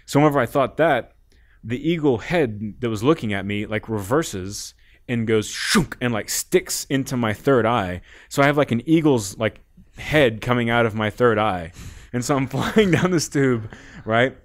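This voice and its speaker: A man as a podcast guest, telling a long story in a loose, animated way, laughing often and leaning on "like". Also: mid-range voice, moderate pace. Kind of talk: casual storytelling.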